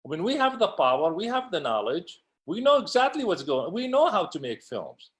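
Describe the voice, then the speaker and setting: Man, passionate interview guest, emphatic, repeats words, slightly high pitch. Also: big pitch swings, brisk. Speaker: casting director and producer, guest. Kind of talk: interview conversation.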